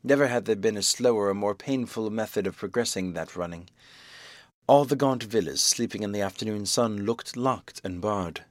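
A man reading a classic novel aloud, with measured, dramatic storytelling. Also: lowish voice, no room sound, studio quality. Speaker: audiobook narrator. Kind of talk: scripted narration of a classic novel.

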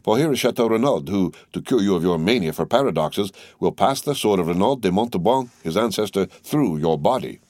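A man's voice: lowish voice, animated, brisk, few pauses, darkish tone, no room sound, lightly acted. A man reading a mocking young journalist. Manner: mocking, teasing.

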